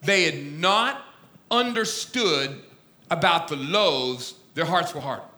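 A man preaching a sermon, telling a story dramatically, swinging from loud to hushed. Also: on the high side, animated, slow pace, echoey room. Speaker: pastor.

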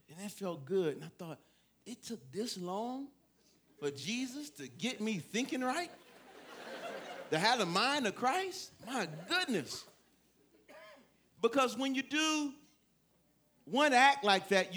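A man preaching a sermon with a high, bright, ringing voice. He tells stories with animated energy, laughs, and swings from hushed asides to excited near-shouts. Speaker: pastor. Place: church with a congregation.

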